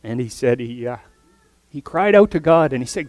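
A man preaching a sermon earnestly, his voice swinging from loud emphatic lines to soft, near-whispered ones. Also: mid-range voice, animated, normal speed, dry recording.

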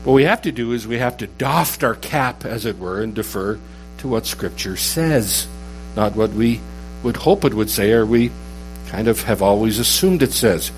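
A man's voice: fairly low pitch, expressive, normal speed, poor audio. Man preaching a sermon, faint hum. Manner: conversational, reads scripture aloud with rising emphasis. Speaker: pastor.

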